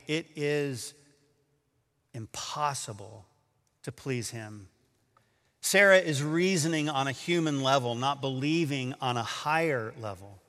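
A man preaching a sermon, telling a story and acting out the quotes with lively energy. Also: on the high side, long reverb tail. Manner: animated storyteller, acts out quotes. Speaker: pastor.

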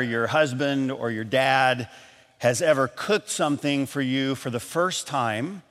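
A man preaching a sermon to a congregation, animated and acting out short exchanges in a raised voice. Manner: animated, acts out little dialogues in a higher voice. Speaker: pastor. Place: large church auditorium. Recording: long hall reverb.

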